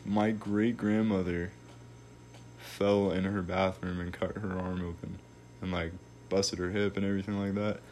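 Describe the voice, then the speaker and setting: A man's voice: low-pitched, level tone, normal speed, darkish tone, slight background noise. A young man telling a long story in a casual, laid-back way, full of slang and swearing.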